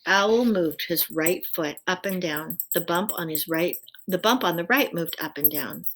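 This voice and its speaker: A woman reading a children's storybook aloud in a gentle way, adding soft asides to her listeners. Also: on the low side, unhurried, hardly any pauses.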